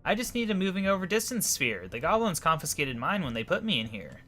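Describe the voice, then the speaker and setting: A captive goblin woman from a fantasy video game, eager and thankful, her voice lifted well above a normal speaking pitch, as a man puts her on. The tone stays bright and keen throughout. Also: very animated, brisk, faint music behind. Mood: grateful. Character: female goblin prisoner, eager and grateful.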